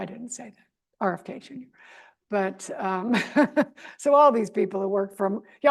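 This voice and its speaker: Sarcastic, gravelly-voiced woman interview guest. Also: medium pitch. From United States. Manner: animated, sarcastic, with frequent asides and laughs. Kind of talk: conversational interview answer.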